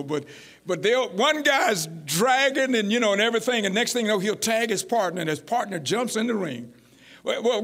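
Folksy high-voiced preacher man. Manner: folksy, animated, rising to near-shouts. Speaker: pastor. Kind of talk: sermon.

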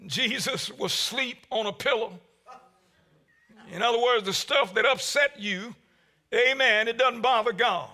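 A man preaching a sermon as pastor, with a preaching cadence that swells to shouts and drops low. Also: moderate pace.

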